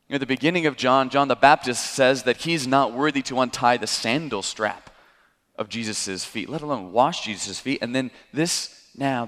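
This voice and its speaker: A man's voice: mid-range voice, a bit bright, long reverb tail. A man preaching an expository sermon, explaining the text in a conversational way with light chuckles.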